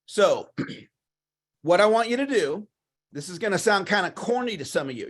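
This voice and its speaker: A man giving a motivational coaching talk on a livestream, enthusiastic and repetitive, often clearing his throat. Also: high-pitched, very animated, moderate pace, long pauses, fairly bright tone. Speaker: sales coach.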